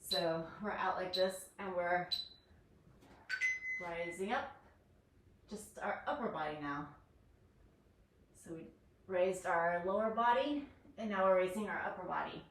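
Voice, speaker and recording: In this guided home workout, a woman instructor with a lowish voice talks a little slowly and leaves long pauses. She counts down each set and encourages viewers cheerfully. The room echoes, the mic is distant, and there's faint background noise.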